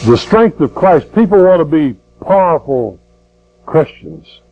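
A man's voice: fairly high pitch, expressive, normal speed, a little mellow, low-quality recording. An older man preaching a sermon in a folksy way, repeating words and rising to fervent emphasis.

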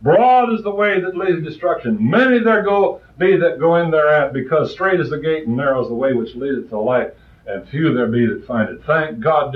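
A man preaching a sermon with passion, his voice swinging between loud rises and soft, quiet asides. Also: a little high. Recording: distant, roomy, muffled old recording.

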